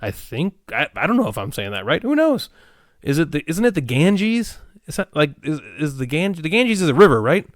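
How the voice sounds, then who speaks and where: A man's voice: a little high, very animated, normal speed, no room sound. Playful unsure man, dry close mic. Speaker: podcast co-host. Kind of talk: casual chat.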